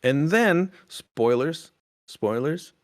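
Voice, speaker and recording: A man's voice: a little high, expressive, drawn-out words, no echo. A man hosting a casual podcast review chat, rambling with lots of fillers and restarts. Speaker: podcast host.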